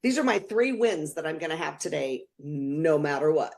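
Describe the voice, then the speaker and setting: A woman's voice: sits low, lively intonation, moderate pace, a little mellow. A woman co-hosting a motivational podcast, speaking earnestly and from the heart, with many fillers. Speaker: podcast co-host. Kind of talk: casual motivational chat.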